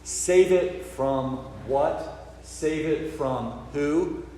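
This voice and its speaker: A man from the American South with a Southern accent, a priest giving a sermon and telling stories with lively quoted voices. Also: on the high side, extremely slow, slight background noise. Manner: storytelling, animated when acting out quotes. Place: church. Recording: roomy church with long reverb, faint ambience.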